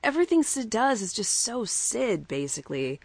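A woman's voice: fairly high pitch, big pitch swings, normal speed, gravelly, no echo. A woman co-hosting a podcast, chatting enthusiastically, laughing and swearing casually. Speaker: podcast co-host. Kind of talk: casual chat recapping wrestling.

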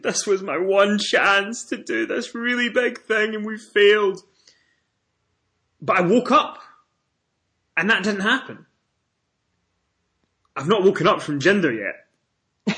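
A man co-hosting a casual wrestling podcast, telling stories with animated swings in pitch and loudness. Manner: animated storytelling, rises in pitch and volume when excited. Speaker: podcast co-host.

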